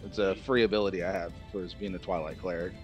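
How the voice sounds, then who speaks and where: A man's voice: low voice, steady tone, fast, faint music behind. A man playing a tabletop role-playing game, talking bluntly in character and swearing often. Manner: blunt, profane, urgent. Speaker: player.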